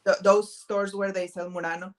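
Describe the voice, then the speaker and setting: A woman's voice: mid-range voice, flat delivery, normal speed. A woman from Italy, a native Italian speaker, talking casually as a guest on a video call. She keeps searching for her words and often says "mm-hmm". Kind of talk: casual interview chat.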